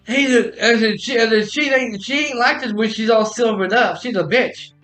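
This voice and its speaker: Male streamer, high bright voice, rambling casual storyteller, echoey room with faint music. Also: normal speed. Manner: rambling, many restarts and retold dialogue.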